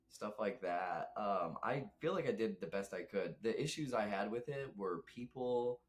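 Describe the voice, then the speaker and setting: A young man, a guest telling rambling, reflective stories in casual chat. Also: low-pitched. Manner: rambling, reflective, laughs often.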